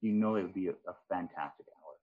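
A man with a lowish, husky voice rambles through a casual podcast chat, full of fillers and restarts. The recording sounds dull and lo-fi. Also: fast talker. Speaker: departing guest.

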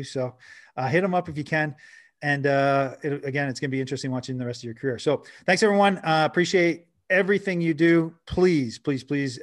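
A male podcast host from Canada chats casually with his guest. He rambles and restarts his sentences, and he sounds friendly and enthusiastic. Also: on the high side.

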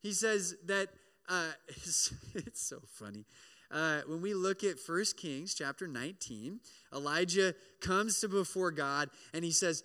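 A man preaching a sermon as pastor, in an animated, conversational way, often checking in with "right?" and acting out the prayers he quotes. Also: high voice, unhurried. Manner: acts out prayers and voices in quoted lines. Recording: long hall reverb.

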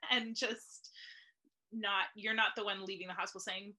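A woman's voice: mid-range voice, animated, normal speed, bright, forceful tone. A woman hosting a casual interview, asking questions and laughing easily.

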